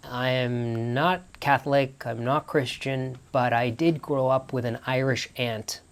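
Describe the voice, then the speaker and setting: A man's voice: mid-range voice, steady tone, unhurried. A man vlogging in a small barn studio, telling stories casually with lots of restarts and self-corrections. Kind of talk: casual storytelling to camera.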